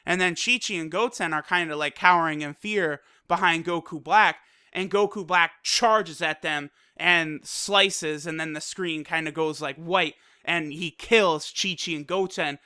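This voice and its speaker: A video reviewer excitedly recapping an anime episode, swearing freely and filling with "like" and "you know". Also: mid-range voice, a little slow, hardly any pauses, clean tone, dry recording, studio quality. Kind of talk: casual recap and commentary.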